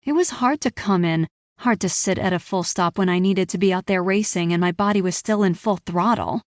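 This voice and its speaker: A woman narrates a first-person story with tense, clipped delivery. Her voice sits at a middle pitch and sounds dry and close to the mic. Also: fairly quick, no echo. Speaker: audiobook narrator.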